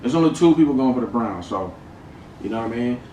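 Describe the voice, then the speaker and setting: A man's voice: medium pitch, expressive, fast talker, warm tone, far from the mic, dull audio, a little hiss or hum. A man hosting a casual football reaction video, chatty and laughing easily as he repeats clips and talks through matchups. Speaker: sports video host. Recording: echoey room, off-mic, music behind.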